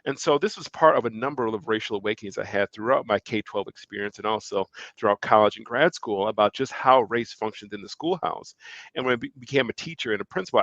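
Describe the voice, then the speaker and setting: On a muffled, dry recording, a middle-aged man from Milwaukee, Wisconsin, USA shares a personal story in conversational style. This guest, an education leader and author, has a medium-pitched voice and is an animated storyteller who acts out what others said and laughs between phrases.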